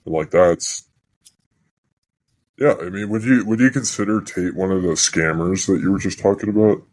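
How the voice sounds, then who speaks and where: Man, low voice, podcast co-host, casual and opinionated, fillers. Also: normal speed, darkish tone. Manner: opinionated, lots of "you know" fillers.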